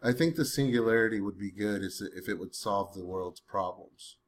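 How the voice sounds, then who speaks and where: A man's voice: fairly low pitch, normal speed. A man talking to a voice assistant, saying punctuation aloud and questioning it with growing irritation. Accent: says he has a weird accent. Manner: speaking punctuation aloud, testing and bantering; grows irritated, curses. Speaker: user testing a chatbot. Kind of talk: dictating to a voice assistant.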